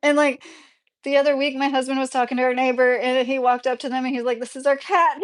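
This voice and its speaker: Woman streamer, slightly high pitch, chatty, laughs a lot, reads chat aloud. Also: monotone, fast talker. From Kentucky, USA. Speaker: YouTuber live streaming. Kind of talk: casual live stream chat.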